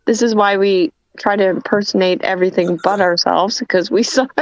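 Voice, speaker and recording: A woman from Canada chats on a group video call, giggly and quick to make fun of herself. She tries out accents for laughs. The recording is dry and close. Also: mid-range voice, steady tone, no room sound, muffled recording. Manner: giggly and self-deprecating, mimics accents. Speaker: panel guest.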